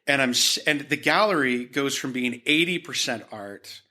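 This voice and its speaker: A man from Utah speaks as a guest on a podcast, recounting his story conversationally. His voice is bright and forward and sits at an ordinary pitch. He rambles, stacking fillers and false starts as the story unfolds. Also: moderate pace. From Utah, United States. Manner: rambling, with frequent fillers and restarts. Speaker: podcast guest, art gallery owner.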